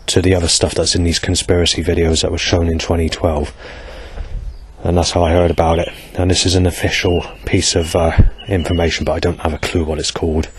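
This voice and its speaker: Deep-voiced male vlogger, rambling and hesitant, slight background hiss. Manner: hesitant, digressive, many fillers and restarts. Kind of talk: rambling monologue.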